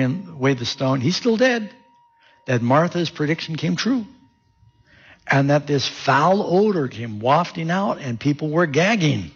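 A male preacher tells the story with vivid storytelling, his gravelly voice swinging up and down in pitch. The voice sits a little higher than average and is husky. The recording is dull and lo-fi. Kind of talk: storytelling sermon.

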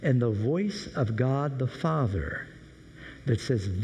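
Mellow-voiced man preaching in a reverberant hall. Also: mid-range voice, lively intonation, slow pace, a little hiss or hum. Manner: conversational, anecdotal. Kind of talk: sermon storytelling.

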